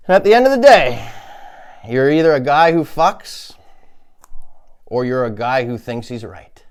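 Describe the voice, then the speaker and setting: A man talks through a crude comedy bit, unhurried, his pitch leaping up and down. He rambles and laughs often at his own jokes. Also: very animated, smooth. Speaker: comedy podcast host.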